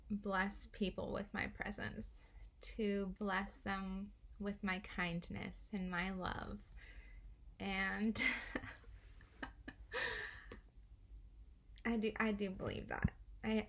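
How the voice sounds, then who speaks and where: Slow, gravelly-voiced woman reading cards. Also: mid-range voice. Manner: gentle, meandering, laughs often. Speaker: oracle card reader. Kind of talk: spiritual card reading to camera.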